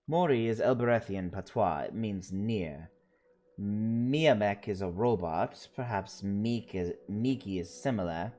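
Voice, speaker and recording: A man streaming a story game, reading the lines of several characters aloud and slowly sounding out invented words. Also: on the low side, mellow.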